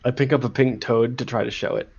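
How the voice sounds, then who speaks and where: A man playing a tabletop game. He talks slowly and giggles often. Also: medium pitch, steady tone, a little mellow, breathy edge, muffled recording. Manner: slow and giggly. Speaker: player.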